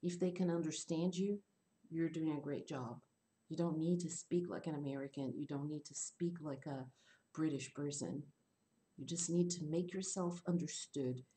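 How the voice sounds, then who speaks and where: A woman teaching English in an online class, explaining slowly and rephrasing her points. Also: low-pitched, dark tone, slight background noise.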